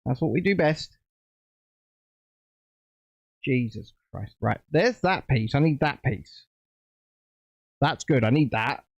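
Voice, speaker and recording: Animated man chatting on a live stream. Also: medium pitch, slow pace, long pauses, no room sound, dull audio. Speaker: streamer host. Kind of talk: casual live-stream chat while building.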